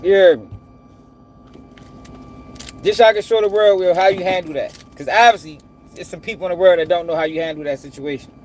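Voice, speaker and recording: A man talks straight to his viewers in a casual, profane rant. His voice sits fairly high for a man, and a light hiss of noise runs underneath. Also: fairly quick, long pauses. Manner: blunt, profane, addresses viewers as y'all. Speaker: commentator reacting to news clips. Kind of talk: casual commentary.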